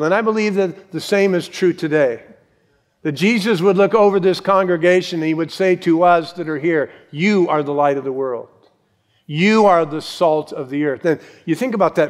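A man's voice: fairly high pitch, normal speed, big-room sound. A man preaching a sermon as pastor, earnest and emphatic, repeating key phrases for weight. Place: church sanctuary with congregation.

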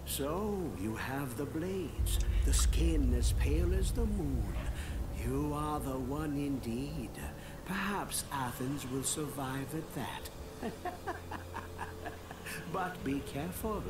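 A mysterious old gravedigger speaks in a slow, knowing way with a lively, rising and falling pitch. The video game audio carries a clear bed of ambient noise. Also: male voice. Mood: cryptic. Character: old male gravedigger, cryptic and wry.

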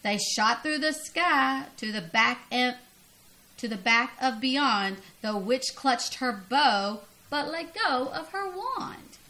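A woman's voice: fairly high pitch, takes it slowly. A grandmother reading a children's storybook aloud expressively, laughing and leaping up on the cries. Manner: expressive, laughing, big vocal jumps on cries.

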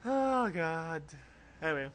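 Slow, bright-voiced man narrating a walkthrough. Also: fairly high pitch, animated, a little hiss or hum. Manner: rambling, coughs often, reads game text aloud. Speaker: let's play host. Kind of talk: casual game walkthrough commentary.

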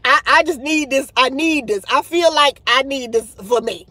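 A woman's voice: high-pitched, moderate pace, bright, forceful tone, no echo. A woman hosting a livestream of gossip commentary, dramatic and exasperated, talking straight to her viewers with sighs, laughs and casual swearing. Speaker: channel host.

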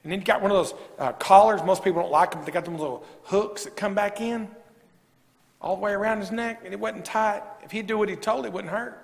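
A man's voice: high-pitched, fairly quick, vocal fry. A man preaching a sermon as a pastor, folksy and rising to emphatic preaching. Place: church sanctuary. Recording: long church reverb.

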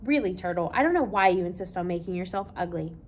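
A woman's voice: on the low side, expressive, quick pace, a little hiss or hum, natural voice. A woman voicing a fussy, snobbish middle-aged mother who talks in a prim, scolding way.

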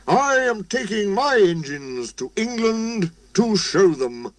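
A man's voice: high voice, sing-song, takes it slowly, no room sound, voice pushed up, full character voice. A man voicing a stern, pompous male railway boss in a storybook reading. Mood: grand. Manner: pompous, bellowing orders. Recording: music playing behind.

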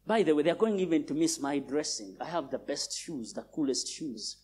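A preacher mimicking a bragging young churchgoer. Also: male voice, expressive, brisk, breathy edge. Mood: boastful. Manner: bragging, lower and quieter than his preaching. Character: boastful self-important young churchgoer, male.

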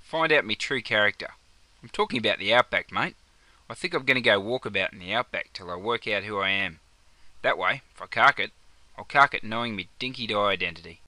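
A man's voice: lowish voice, lively intonation, fairly quick, sharp tone, dry recording. A man playing a laid-back young Aussie bloke. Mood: earnest. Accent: Australian. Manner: broad slang, laid-back. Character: young Aussie bloke seeking his identity. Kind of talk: comedic sketch acting.

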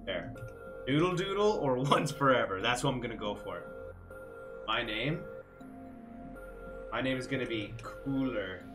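A man's voice: mid-range voice, unhurried, long pauses, over music. A young man streaming a game, reading its text aloud and reacting with casual, joking commentary. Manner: animated, jokey, swears casually.

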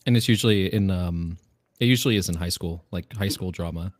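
Deep-voiced man reading fan questions. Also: fairly quick. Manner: chatty, easygoing, relays chat questions. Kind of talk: casual live-stream Q&A chat.

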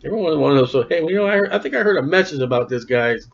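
A man preaches with a folksy, emphatic style and throws questions out to his congregation as he goes. His voice sits fairly high, and the recording sounds dull and lo-fi. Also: animated, racing, gravelly. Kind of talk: sermon.

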